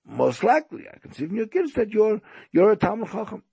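A man's voice: fairly low pitch, animated, measured pace, darkish tone, breathy edge, dry recording, dull audio, exaggerated voice. A man voicing an older male host who keeps pleading and insisting with a guest.

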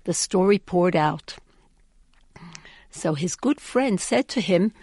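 A woman's voice: on the low side, lively intonation, slow pace, warm tone, breathy edge, dry recording. A woman giving an inspirational storytelling talk in an earnest, emphatic way, often repeating words for weight. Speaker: inspirational speaker.

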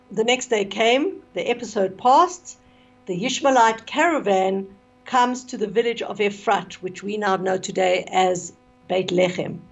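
A woman retelling a story on the radio, expressive and with fillers, on a dull lo-fi recording. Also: medium pitch.

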